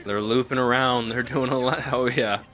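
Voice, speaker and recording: A young man reacts to an anime on camera in casual, slangy talk with the odd curse. His voice jumps from hushed, awed murmurs to loud, excited outbursts. Faint music plays behind him. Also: medium pitch, moderate pace. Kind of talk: live reaction commentary.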